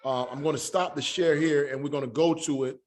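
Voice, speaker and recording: A man's voice: a little high, fairly even intonation. Man teaching Hebrew sounds online. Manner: halting, many fillers and restarts; spells out sounds slowly.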